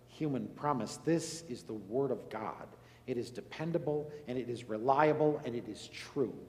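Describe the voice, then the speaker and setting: A male pastor preaching a sermon earnestly, moving between emphatic lines and hushed, solemn ones. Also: medium pitch. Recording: echoey hall with long reverb.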